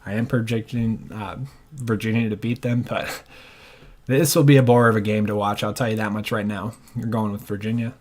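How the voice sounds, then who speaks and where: A man's voice: fairly low pitch, fairly even intonation, moderate pace, a little mellow. A man thinking aloud as he works through his basketball bracket picks, with hesitant fillers. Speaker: sports channel host.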